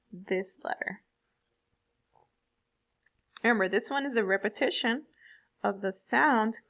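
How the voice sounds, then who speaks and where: Slow-speaking woman teaching fourth graders. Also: on the high side, pushed and bright, poor audio. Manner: slow, emphatic teaching, stressing words for young pupils. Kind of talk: online classroom lesson.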